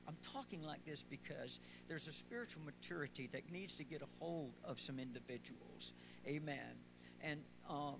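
High-voiced preacher, noisy recording. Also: male voice. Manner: preaching that builds to shouting. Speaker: pastor. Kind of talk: sermon. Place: church sanctuary.

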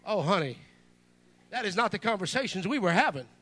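A young man preaching a sermon, telling a personal story and swinging from hushed confiding to shouted, excited praise. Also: high-pitched, brisk.

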